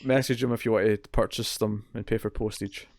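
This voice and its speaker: A man's voice: fairly low pitch, steady tone, fairly quick, a little mellow, no echo, studio quality. A man hosting a horror movie podcast, chatting casually with a lot of fillers and jokes. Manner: rambling, filler-heavy, jokey. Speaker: podcast host.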